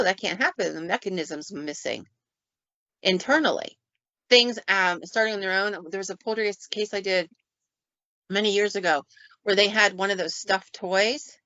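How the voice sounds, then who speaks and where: A woman, a paranormal investigator, telling stories in a casual podcast chat and acting out sounds and quotes with lively flair. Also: medium pitch, dry recording. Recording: dull, dry lo-fi recording.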